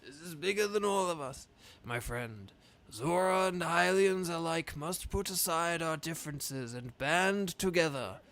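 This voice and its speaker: A pompous old fish king holds court in a raised, unhurried voice, as a man puts him on. Each formal phrase is stretched out with a rhythm that sounds like a politician's. It is a video game character read aloud during a stream. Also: on the high side, fairly bright tone. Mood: solemn. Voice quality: grand, drawn-out delivery with Trump-like rhythms.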